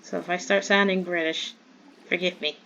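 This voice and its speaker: A woman's voice: fairly low pitch, steady tone, moderate pace, gravelly, pushed and bright, lo-fi sound. A woman from the American South chatting in a rambling way while playing a game, easily startled. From Southern United States. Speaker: gamer. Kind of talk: casual Minecraft commentary.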